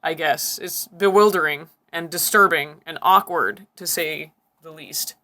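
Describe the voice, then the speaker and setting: A woman's voice: low voice, unhurried, sharp tone. A woman hosting a casual reaction commentary, swearing freely and breaking into incredulous giggles. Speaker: reaction video host.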